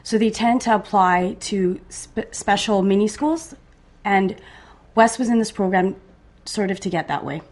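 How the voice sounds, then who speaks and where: Calm woman telling her story. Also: medium pitch, a little slow. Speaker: guest parent. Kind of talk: recounting a story in conversation.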